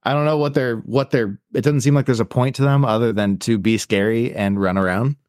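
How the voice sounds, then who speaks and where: A man's voice: medium pitch, steady tone, brisk, a little mellow, no echo, clean studio sound. A man in his thirties co-hosting a casual podcast over a call, joking and rambling as he recaps a film. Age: 30s. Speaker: podcast co-host. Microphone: remote call mic.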